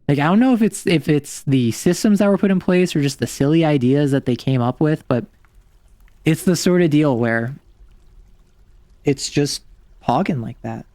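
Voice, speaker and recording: A man streaming a game, talking casually and rambling as he thinks aloud. His voice sits a little high and jumps in pitch, recorded on a dry, close desk mic. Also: expressive, normal speed, mellow, no room sound. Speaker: vtuber streamer. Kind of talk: casual livestream commentary while playing.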